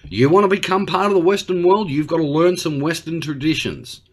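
A man's voice: on the high side, brisk. An Australian man doing a brash, slangy one-sided comedy conversation with an unheard partner. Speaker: comedy podcast host.

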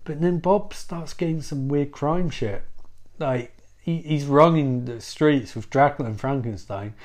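A man telling a comic story in a rambling, profane, animated way. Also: a little high, a little slow. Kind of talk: comedic storytelling.

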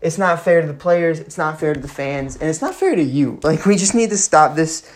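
A young man of about 20 hosts his own solo sports podcast, giving commentary. His voice is on the high side, animated and a little fast, and he rambles and rants with plenty of fillers and restarts.

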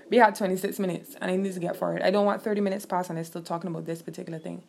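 A young woman, telling a personal story in a casual, animated and profane way. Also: on the low side, racing, vocal fry, few pauses, husky. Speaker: vlogger.

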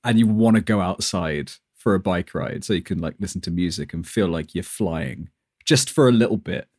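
A man's voice: low voice, moderate pace, darkish tone, no echo, clean studio sound. A man co-hosting a podcast, complaining in a mock-dramatic way in casual chat. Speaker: podcast co-host.

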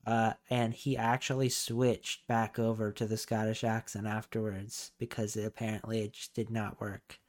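A man's voice: fairly low pitch, flat delivery, normal speed, few pauses. A man hosting a casual podcast, rambling with lots of fillers and swearing freely. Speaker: podcast host.

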